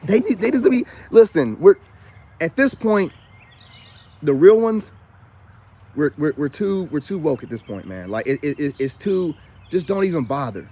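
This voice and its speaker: A defiant man talks himself up in a raised, higher-than-usual voice. He rambles, circling back with repeated asides as he speaks outdoors. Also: sing-song, a little slow, pauses often, mellow. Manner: repeats filler asides often. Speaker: self-styled life coach vlogger. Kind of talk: unscripted rant to camera.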